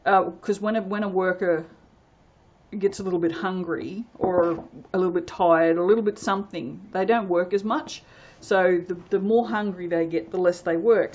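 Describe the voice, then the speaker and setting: An Australian woman, host of a soap-making channel, chatting casually and rambling while she works, laughing often and breaking into sudden loud exclamations. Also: mid-range voice, dull audio. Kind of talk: casual chat while working.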